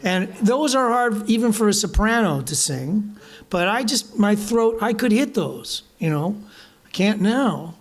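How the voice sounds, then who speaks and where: A man's voice: high voice, a little slow. Older man spinning laughing stories. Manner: animated, laughing, vivid storyteller. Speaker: guest musician. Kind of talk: storytelling to a live audience. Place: bar venue with live audience.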